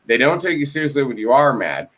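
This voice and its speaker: Very animated and fast, a co-host with a medium-pitched, fairly bright voice tells a story on a casual video call. He swears plenty and plays both sides of phone calls.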